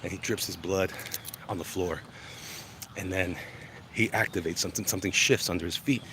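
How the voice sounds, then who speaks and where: Low-voiced guy rambling on a walk, chesty, cars roaring past. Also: moderate pace. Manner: rambling, chatty, easily sidetracked. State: chesty and congested, walking on sore legs. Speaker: vlogger. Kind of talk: casual walk-and-talk monologue. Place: outdoors, walking along urban streets. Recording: loud traffic noise outdoors. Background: passing cars and street ambience.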